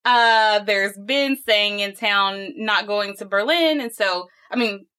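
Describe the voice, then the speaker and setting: A woman's voice: mid-range voice, slow pace, bright, forceful tone, clear, resonant tone. A woman co-hosting a podcast in a chatty, casual way, laughing easily. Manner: chatty, laughs often, some fillers. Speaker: podcast co-host. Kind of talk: casual chat.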